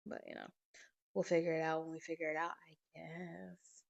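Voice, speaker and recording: A woman hosting a podcast, telling family stories in a casual, animated way and swearing freely. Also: low-pitched, normal speed, gravelly, dull audio. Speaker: podcast host. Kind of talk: casual storytelling monologue. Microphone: podcast microphone.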